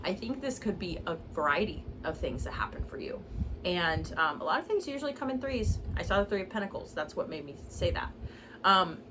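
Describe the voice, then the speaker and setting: A woman with a fairly low voice reads tarot cards in a loose, chatty way, peppering her talk with "like" and "okay?". She records on a phone, and steady noise sits clearly behind her. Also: brisk. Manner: chatty and loose, with frequent "like" and "okay?", swearing and laughing. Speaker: tarot reader. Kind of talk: casual tarot reading.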